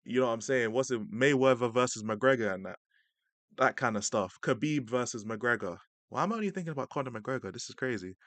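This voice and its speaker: Young bloke hosting a stream, relaxed slangy chat, dry close sound, average pitch. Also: male voice, a little fast, dry recording. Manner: laid-back slang-heavy chat, laughing often. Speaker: stream host reacting to a clip. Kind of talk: casual live-stream reaction.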